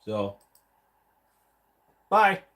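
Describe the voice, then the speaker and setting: A man's voice: drawn-out words, a bit bright. A man hosting a casual livestream, reading viewer comments and rambling with jokes and silly voices from his room at home. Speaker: livestream host. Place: home room, seated against a wall.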